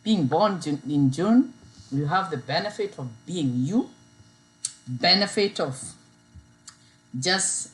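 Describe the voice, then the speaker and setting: A woman chats through a casual livestream, her voice sitting a little low. She keeps circling back over her own words as she greets viewers. A faint mains hum runs underneath the recording. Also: expressive, takes it slowly, long pauses, low-quality recording. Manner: chatty, repeats herself, greets viewers by name. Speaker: livestream host.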